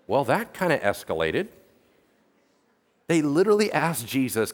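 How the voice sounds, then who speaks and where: A man preaching a casual sermon as pastor, telling the story with lively, playful energy. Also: mid-range voice, unhurried, pauses often, long reverb tail. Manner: animated storytelling, acts out characters in a playful voice.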